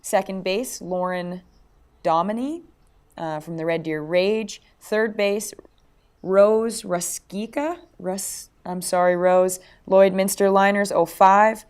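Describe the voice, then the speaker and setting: A woman's voice: mid-range voice, a little slow, clear, resonant tone. A woman co-hosting a podcast in casual chat, chatty, with many fillers and restarts. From Canada. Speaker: podcast co-host.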